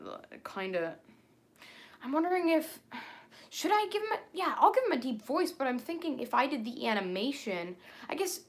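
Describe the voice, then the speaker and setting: Young woman, casual livestream chatter, rambles, loops back, lots of "um" and "like", mid-pitched. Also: a bit bright. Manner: rambling, full of fillers and restarts. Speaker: livestreamer and character creator.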